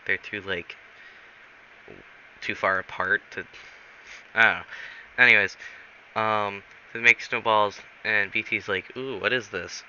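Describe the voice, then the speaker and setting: A man's voice: on the low side, flat delivery, slow pace, long pauses, bright, forceful tone. A man rambling through an improvised comic story, correcting himself often and filling gaps with "um" and "like", on a dull recording with faint hiss. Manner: rambling, self-correcting, many fillers.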